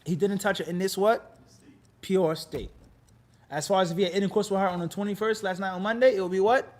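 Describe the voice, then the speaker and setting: A man with a high voice teaches a classroom lesson on religious law. He keeps the room engaged by quizzing students mid-sentence and playing out quick scenes to make each point stick. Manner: animated, quizzes class with repeated "what?" prompts; acts out quoted people in lively bits. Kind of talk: classroom lecture.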